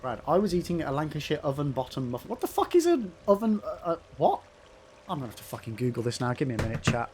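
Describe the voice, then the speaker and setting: A man's voice: a little high, sing-song, fast talker, a little mellow, a little hiss or hum. Chatty Midlands English man streaming. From England. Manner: chatty, swears, answers chat by name. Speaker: gaming streamer. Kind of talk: casual livestream chat reading viewer messages.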